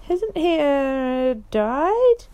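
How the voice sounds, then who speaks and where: A woman voicing a nervous, flustered schoolboy in a bedtime storybook reading, stammering in a high, hurried voice. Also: dark tone.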